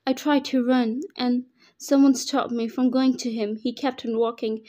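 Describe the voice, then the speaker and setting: A woman's voice: on the high side, little pitch movement, moderate pace, dark tone. A woman reading a story aloud in the first person, with an emotional, dramatic delivery. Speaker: story reader. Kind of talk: dramatic reading of fan fiction.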